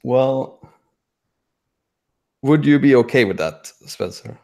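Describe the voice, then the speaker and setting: A man's voice: medium pitch, animated, slow pace, vocal fry, a little mellow. A man playing in a tabletop game over a call, casual and hesitant. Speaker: player. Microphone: online video call.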